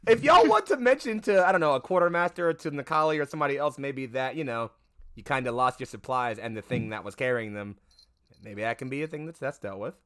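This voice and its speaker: Running a streamed tabletop game, this game master speaks fast in a medium pitch, his tone fairly bright, clear, and resonant. His narration wanders through fillers and corrections, with the occasional curse.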